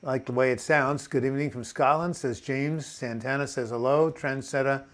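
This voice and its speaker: A man's voice: medium pitch, fairly even intonation, moderate pace. An older man with a New York accent hosts a casual live chat, reading viewer comments aloud and telling corny jokes. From New York City.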